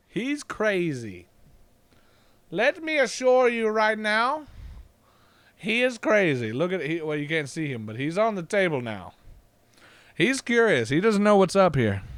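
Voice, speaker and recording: Excitable man with a bouncy voice. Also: high voice, no room sound. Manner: excitable, reads card text aloud, frequent "uh", laughs often. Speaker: card-opening channel host. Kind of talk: casual card-opening vlog.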